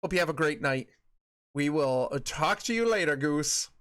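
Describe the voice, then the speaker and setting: Rambling dad streamer, slightly high voice. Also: male voice, expressive, normal speed, fairly bright tone, clean tone. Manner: rambling, repeats phrases, many fillers. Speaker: streamer host. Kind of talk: casual chat with live stream chat.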